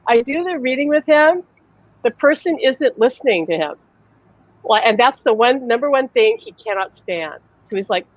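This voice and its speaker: A woman's voice: on the high side, expressive, moderate pace, no echo, dull audio. A woman psychic medium hosting a casual live-stream chat, telling a story animatedly and laughing often as she acts out quotes.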